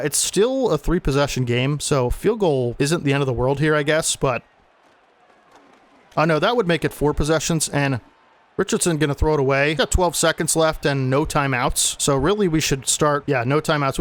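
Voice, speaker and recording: Man calling his own football video game. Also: a little high. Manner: casual sportscaster-style calls with frequent "man"; exasperated when plays go wrong. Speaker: gaming YouTuber.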